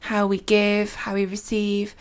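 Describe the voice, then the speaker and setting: A woman's voice: mid-range voice, monotone, a little slow, clean tone. A woman co-hosting a casual faith-based podcast. She talks in a chatty, storytelling way and laughs readily. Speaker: podcast co-host.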